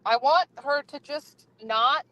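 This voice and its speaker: A woman's voice: high voice, takes it slowly, a bit bright, no echo, rough recording. A woman joining a livestream from her car, answering briefly and hesitantly. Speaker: guest on a livestream. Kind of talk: casual livestream chat.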